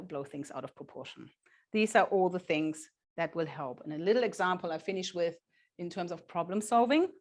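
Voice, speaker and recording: Brief: woman workshop speaker, mid-pitched, animated, acts out short quotes to parents. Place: children's centre meeting room.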